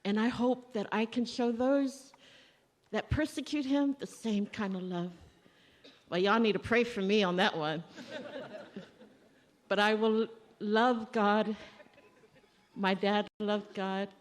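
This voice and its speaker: A woman's voice: medium pitch, fairly even intonation, slow, long pauses. Woman's eulogy in a reverberant church. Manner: conversational storytelling, acting out remembered dialogue. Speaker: daughter giving a eulogy. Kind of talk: eulogy at a family funeral service. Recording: long reverb of a church hall.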